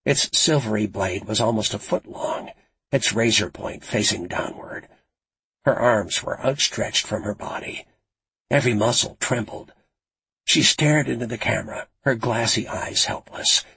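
A man reading a suspense novel aloud as narrator, dramatic and suspenseful in a gravelly voice. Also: fairly low pitch, a little slow, sharp tone, low-quality recording. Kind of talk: scripted audiobook narration.

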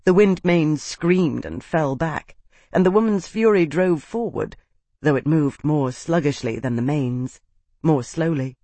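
A man narrating a fantasy audiobook, with steady, vivid storytelling. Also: on the high side, a little slow, dry recording. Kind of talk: scripted narration.

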